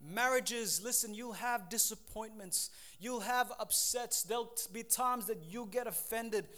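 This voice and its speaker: A pastor in his thirties preaching a sermon, animated, acting out quick voices and laughing at himself. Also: extremely high pitch.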